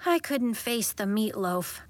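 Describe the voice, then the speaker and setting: A woman's voice: medium pitch, expressive, slow pace, dry recording. A woman voicing a young schoolgirl who mumbles glumly in a storybook reading. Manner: mumbling, downcast. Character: young schoolgirl, glum and reluctant.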